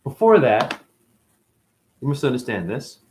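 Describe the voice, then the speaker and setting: A man talking as a spiritual teacher in a rambling, profane casual monologue that swings between loud and muttered. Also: medium pitch, big pitch swings, measured pace.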